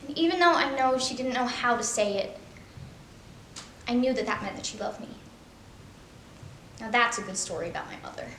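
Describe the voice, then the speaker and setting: A woman's voice: fairly high pitch, moderate pace, long pauses, slight background noise. A woman voicing a bitter, washed-up middle-aged male horse, delivering a sardonic, darkly funny stage eulogy in a roomy, echoing space. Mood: wry. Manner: sardonic, dark-humoured, self-deprecating. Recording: roomy echo.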